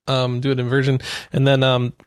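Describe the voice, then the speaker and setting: A man's voice: medium pitch, monotone, brisk, smooth, no echo. A man co-hosting a podcast in casual chat, joking and steering the talk. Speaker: podcast co-host. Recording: dry close sound.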